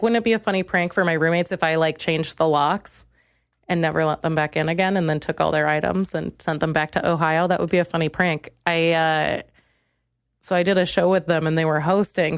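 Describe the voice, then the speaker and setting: A young woman comedian hosting her own podcast, in a rambling, crude, self-deprecating monologue that jumps into high, exasperated rants. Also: no echo, studio quality.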